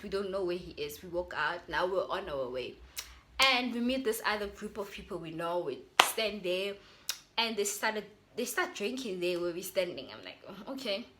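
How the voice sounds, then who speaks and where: A woman's voice: mid-range voice, bright, forceful tone, a little hiss or hum. A young South African woman with an accent, chatting animatedly to her viewers as she tells a storytime. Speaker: YouTuber. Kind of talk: casual storytime.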